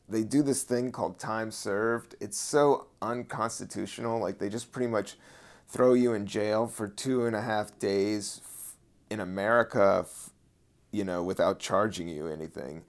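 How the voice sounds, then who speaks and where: Man, low voice, gravelly fry, rambling casual podcast talk, a bit high. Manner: loose, meandering, swearing freely. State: a little high. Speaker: comedian and podcast host.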